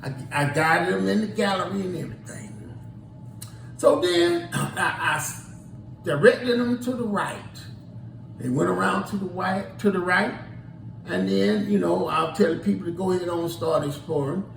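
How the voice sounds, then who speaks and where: A man's voice: high-pitched, lively intonation, normal speed, vocal fry, a bit bright, slight background noise. A man, a tour guide, telling a rambling story casually and acting out what people said. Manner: rambling, acts out quoted dialogue. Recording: roomy, distant recording.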